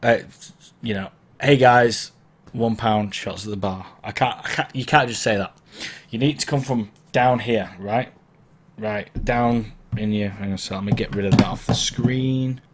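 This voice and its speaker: On the low side and measured in pace, this man's voice carries a live question-and-answer stream he hosts as a DJ. He is chatty, casual and encouraging, tends to wander and correct himself, and has a hay-fever sore throat. His mic is positioned under the camera.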